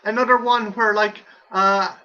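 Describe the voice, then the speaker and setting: Bright high-voiced swearing man. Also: fairly even intonation, measured pace. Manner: swears freely, tells gory anecdotes with laughter. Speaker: podcast co-host. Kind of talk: casual chat. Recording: dull lo-fi stream audio.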